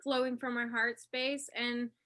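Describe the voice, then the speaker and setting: A woman's voice: fairly high pitch, flat delivery, measured pace, sharp tone. A woman co-hosting a casual heart-to-heart chat, chatty and swearing as she tells stories on herself. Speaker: co-host.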